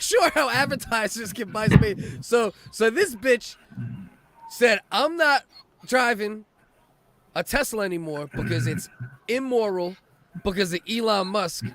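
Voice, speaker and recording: Profane, animated man in crude banter. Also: sits high, a little slow. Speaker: podcast co-host.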